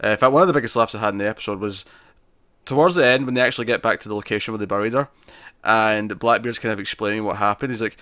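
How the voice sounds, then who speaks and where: A man's voice: lowish voice, rapid-fire, bright, forceful tone, no room sound. A man co-hosting a podcast, chatting casually about TV episodes and rambling with frequent restarts. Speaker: podcast co-host. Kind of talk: casual TV review chat.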